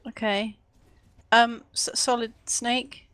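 A woman's voice: fairly high pitch, little pitch movement, slow pace, a bit bright, clear, resonant tone, dry recording. A young woman playing a quiz while gaming, giggly and playfully bluffing. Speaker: quiz contestant and gamer. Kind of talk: casual gaming chat with friend.

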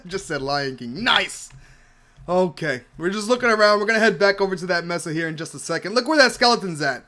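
A young man giving casual let's-play commentary while gaming, excitable and gushing, often repeating himself. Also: sits high. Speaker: gaming YouTuber.

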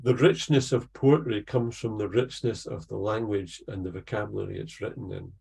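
A middle-aged man, leading an online poetry workshop over a video call in an encouraging, unhurried way. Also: on the low side, fairly even intonation, gravelly, darkish tone, slightly rough. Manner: encouraging, unhurried, reads poems aloud.

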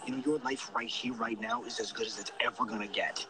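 A man's voice: fairly low pitch, steady tone, fast, lightly acted. A man playing a crude, menacing tough guy. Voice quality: blunt, profane. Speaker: actor in a TV drama clip. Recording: TV audio played over a live stream, noisy.

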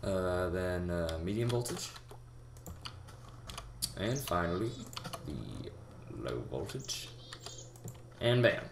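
A young man giving a rambling, halting game tutorial, full of fillers and restarts, talking as if out of breath. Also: low-pitched, very animated, vocal fry. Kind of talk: casual gameplay tutorial. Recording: echoey room with loud background noise. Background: keyboard typing and mouse clicks.

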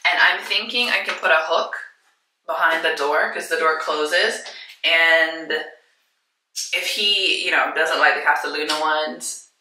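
Bright, chatty woman vlogging at home. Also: low-pitched, unhurried, reverberant, low-quality recording. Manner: chatty and effusive, talks straight to viewers. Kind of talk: casual home vlog chat. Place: room at home.

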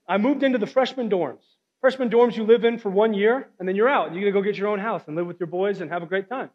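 A young man in his twenties shares an earnest testimony as a guest preacher, his fairly high voice dotted with casual fillers. The sound is a little dull and carries the long reverb of a church hall. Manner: earnest storytelling, frequent "like" fillers. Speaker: guest speaker. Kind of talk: sermon testimony.

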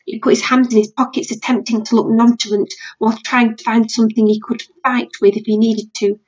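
A woman's voice: fairly high pitch, level tone, a little fast, few pauses, lo-fi sound. A British woman teacher reading a novel aloud to her class.

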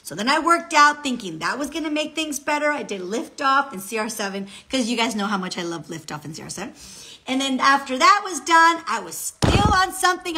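A woman talks straight to her viewers in a loose personal vlog. Her voice sits a little high and sounds bright and forward. She is chatty and expressive, and keeps checking in with her listeners. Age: adult with a child. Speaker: vlogger. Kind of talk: casual personal vlog talk.

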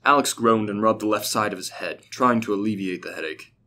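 Low-voiced male story narrator. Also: brisk, bright, forceful tone, slight background noise.

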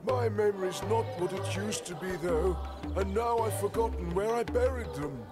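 A man voicing a forgetful old creature in a video game who has lost track of where he buried his gold, telling it in a slow, rambling way. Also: high voice, close to an everyday voice. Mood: fretful. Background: game music.

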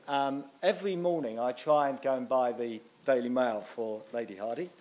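A man's voice: medium pitch, moderate pace, hardly any pauses, a little mellow. Middle-aged guy talking in a church, easygoing storyteller, pokes fun at himself, bit of faint hiss. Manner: chatty, self-deprecating storyteller. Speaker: guest speaker. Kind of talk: anecdotal church talk.

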